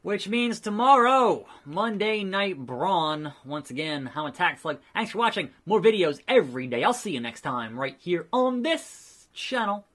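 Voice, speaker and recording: A man hosting a let's play, giving excitable, jokey wrestling play-by-play with sudden shouts. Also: high-pitched, measured pace, hardly any pauses. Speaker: host.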